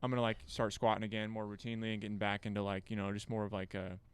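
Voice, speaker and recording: A man's voice: on the low side, level tone, rapid-fire, clean tone. A man in his thirties co-hosting a podcast, laid-back and slangy, with lots of "like" fillers. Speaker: podcast co-host. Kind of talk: casual chat.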